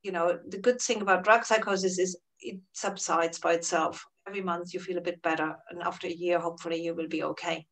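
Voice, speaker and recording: Calm woman, a bit distant from mic. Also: fairly low pitch, fast talker, hardly any pauses. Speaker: Buddhist therapist and teacher. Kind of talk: interview answers.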